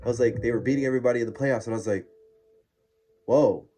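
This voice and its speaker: A young man chatting casually to camera, slangy and digressive, getting loud and worked up as he goes. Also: mid-range voice, rapid-fire. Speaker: vlogger. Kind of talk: casual rambling chat.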